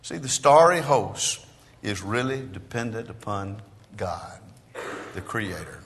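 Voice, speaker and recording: A man preaching a sermon in a church, moving between quiet, conversational asides and loud, emphatic declarations. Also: fairly low pitch, expressive, takes it slowly. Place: church sanctuary. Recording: long hall reverb.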